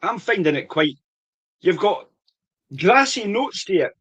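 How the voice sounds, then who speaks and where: His voice is high, a bit bright, and breathy at the edges, and he speaks a little slowly but very animatedly. The speaker is a middle-aged Scottish man chatting eagerly at a whisky tasting, laughing a lot along the way.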